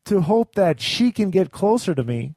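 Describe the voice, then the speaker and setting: A man's voice: sits high, sing-song, normal speed, a little mellow, no echo, clean studio sound. A young man co-hosting a podcast, telling a long story in casual chat, acting out quotes in a raised voice and laughing often. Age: young adult. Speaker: podcast co-host.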